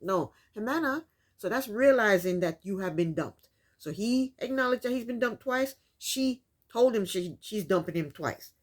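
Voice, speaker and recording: A woman host recapping a reality TV episode in casual commentary, incredulous and repeating her points for emphasis. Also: mid-range voice.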